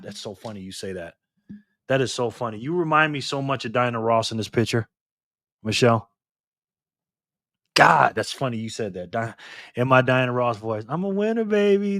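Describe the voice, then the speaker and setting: A middle-aged man hosting a casual live stream, lively and teasing, laughing often as he reacts to chat. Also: mid-range voice, no room sound, studio quality.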